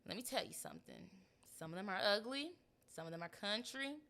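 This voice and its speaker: Blunt animated young woman, bright voice. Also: medium pitch, brisk. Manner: blunt, animated, slangy, laughs often. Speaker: podcast co-host. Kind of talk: casual chat.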